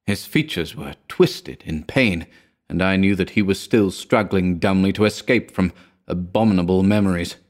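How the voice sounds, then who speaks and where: Male reader, low voice, grave and measured dramatic narration.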